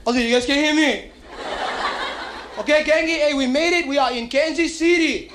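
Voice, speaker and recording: A man's voice: very high voice, moderate pace. A man doing live stand-up comedy, with a Hawaiian Pidgin accent, working the crowd playfully. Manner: animated, playful crowd work with put-on voices. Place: comedy club stage. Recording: live club recording on vinyl with audience laughter and hiss. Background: audience laughing.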